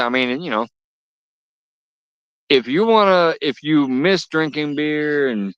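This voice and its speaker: At an outdoor lake, a man hosts a fishing livestream, chatting casually with viewers and swearing and laughing through his stories. His voice is medium-pitched and fairly bright with no echo. The audio is dull and lo-fi.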